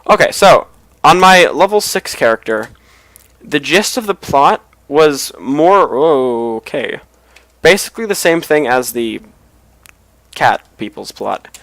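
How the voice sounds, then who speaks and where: A man's voice: fairly high pitch, very animated, slow pace, fairly bright tone, no echo, poor audio. A tired man casually rambling as he comments on a game he is playing, with mumbled asides. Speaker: let's play host.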